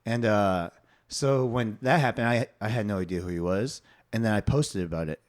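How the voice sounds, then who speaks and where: A young man hosts a casual podcast, animatedly telling stories with lots of fillers and some swearing. His voice is lowish and moves at a moderate pace.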